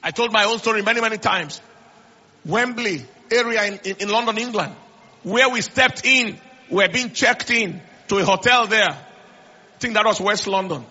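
A man's voice: high-pitched, normal speed, pushed and bright, husky. A middle-aged man preaching a sermon, telling stories and repeating phrases, with stammered restarts. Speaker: pastor. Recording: slightly dull lo-fi sound.

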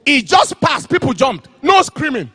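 A man preaching an impassioned sermon, telling a story and shouting out phrases. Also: very high voice, very animated, a little slow, no room sound.

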